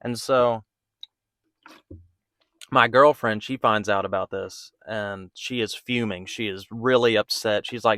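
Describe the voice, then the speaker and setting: A man's voice: on the low side, steady tone, measured pace, bright, forceful tone, no room sound, clean studio sound. A man who runs a pressure washing business telling a story in a candid, casual way, acting out the back-and-forth in his own voice. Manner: candid, conversational, acts out quoted dialogue.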